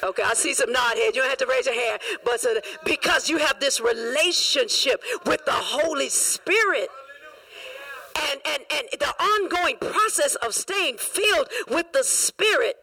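A woman's voice: high voice, lively intonation, measured pace, far from the mic, rough recording. A woman pastor preaching a sermon in a church, emphatic and repetitive. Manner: emphatic, repetitive, rising to shouts.

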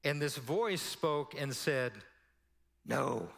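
A man, preaching a sermon as pastor and telling stories in an animated way. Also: a little high, unhurried, long reverb tail. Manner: storytelling, animated, drops to a hush for quoted prayer.

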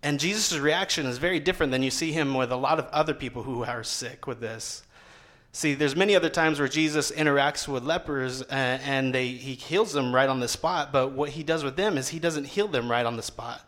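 A young seminary student gives a casual sermon in a mid-range, fairly quick voice. He keeps it conversational and lively, raising his voice as he acts out quotes.

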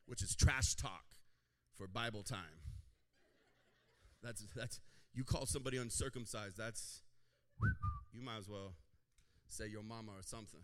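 A man preaching a sermon as pastor, joking with the congregation and acting out little scenes in a lively way. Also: fairly low pitch, unhurried, long pauses.

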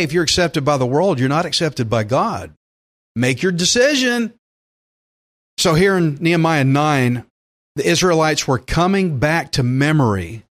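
Animated higher-voiced male preacher. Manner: animated preaching with sudden loud emphatic bursts; acts out imagined prayers and objections in quoted voices. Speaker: pastor. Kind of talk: sermon.

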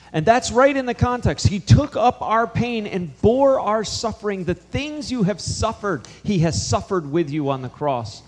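A man preaching a sermon to a congregation, moving from scripture into a story he acts out line by line. His voice sits a little high for a man. Long reverb of a large hall hangs after his words. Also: animated, measured pace, few pauses. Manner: storytelling, quoting conversations with shifting emphasis. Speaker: pastor.

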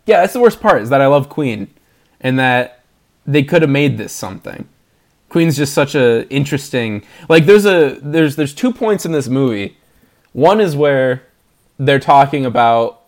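A man's voice: mid-range voice, darkish tone. A man co-hosting a podcast, chatting casually about movies, laughing often and making fun of himself. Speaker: podcast co-host. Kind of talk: casual movie-review chat.

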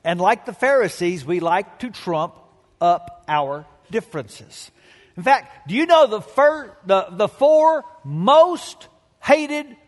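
Emphatic high-voiced male preacher in a hall. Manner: emphatic, dramatic pauses, storytelling. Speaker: pastor. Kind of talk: sermon.

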